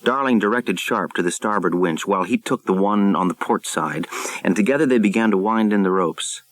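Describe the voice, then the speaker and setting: A man narrating an audiobook in a measured, dramatic storytelling manner, recorded close to the mic. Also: fairly low pitch, a bit bright, rough recording.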